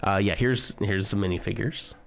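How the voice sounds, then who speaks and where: A man's voice: lowish voice, moderate pace, gravelly, clear, resonant tone. A man streaming live, chatting casually and joking with his viewers as he browses. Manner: chatty, joking, talks to chat while browsing.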